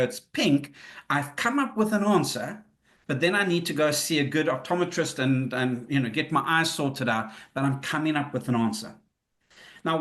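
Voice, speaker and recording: A man presenting a live webinar in a conversational way, acting out the questions and replies he quotes. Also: on the high side.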